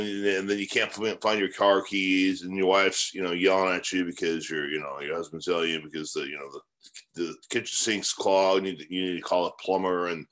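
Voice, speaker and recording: A man's voice: low-pitched, a bit bright. A man in his forties, a real estate mentor, giving a casual motivational lesson full of fillers and rhetorical questions.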